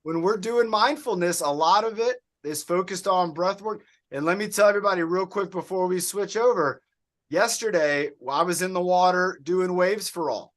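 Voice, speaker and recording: Male fitness coach on a video call. High voice, upbeat, encouraging, praises students by name. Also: moderate pace, a bit bright. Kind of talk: leading an online workout class.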